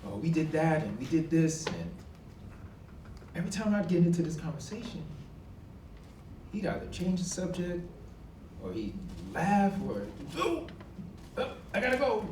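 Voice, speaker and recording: Brief: male storyteller, forties, lively and mellow, slightly higher voice, recorded from a distance in an echoey hall. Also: normal speed, long pauses, slight background noise. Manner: animated, acts out quoted dialogue with emphatic outbursts. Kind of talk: live personal storytelling. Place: college event hall.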